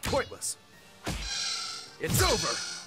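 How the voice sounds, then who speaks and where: Gravelly scornful game enemy, curt taunts, lively swooping pitch, loud game music behind. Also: drawn-out words, full character voice. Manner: curt, contemptuous one-word taunts.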